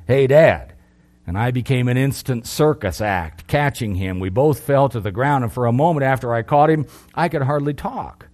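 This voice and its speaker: A middle-aged man preaching a sermon, earnest, lifting his voice for emphasis and then dropping low. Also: darkish tone.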